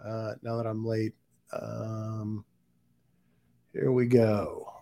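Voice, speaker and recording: Slow, rambling man hosting a livestream. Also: lowish voice, flat delivery, vocal fry, warm tone. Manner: rambling, distracted, thinking aloud with many fillers. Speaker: crypto livestream host. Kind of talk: casual solo livestream chat.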